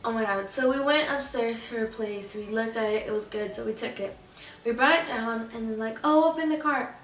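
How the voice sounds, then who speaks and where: A young adult woman telling a rambling, animated story in a casual vlog, acting out what others said. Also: fairly high pitch, normal speed, far from the mic. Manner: rambling, animated retelling that acts out other people's lines. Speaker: vlogger. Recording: echoey room, voice a bit off-mic, faint music.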